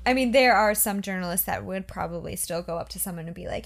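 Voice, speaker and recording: A woman's voice: medium pitch, fast, gravelly, hardly any pauses. A woman co-hosting a podcast in casual chat, rambling a little with fillers and restarts. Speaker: podcast co-host.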